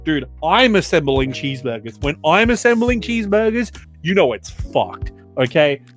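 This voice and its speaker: Aussie podcast co-host, young, casual swearing storyteller, lots of fillers. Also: male voice, a little high, moderate pace, soft background music. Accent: Australian. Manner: animated, swearing, filler-heavy.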